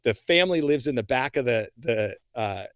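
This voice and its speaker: Brief: young man, podcast guest, lively storyteller, mid-pitched, dry close sound. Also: moderate pace, no echo. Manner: animated, acts out his own reactions. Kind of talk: casual storytelling.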